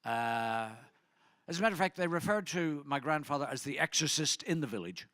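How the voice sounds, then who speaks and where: A man's voice: on the high side, lively intonation, a little fast, fairly bright tone, no echo. A middle-aged man doing a stand-up comedy set, rambling and chatty as he teases the audience. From Ireland.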